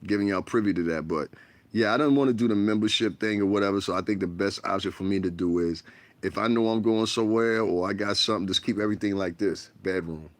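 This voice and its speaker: A man from the United States with a low voice talks in a loose, rambling livestream rant from his bedroom. He is frank and profane, recorded on a tablet. The sound is dry with no room echo. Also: fast talker. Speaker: livestream host.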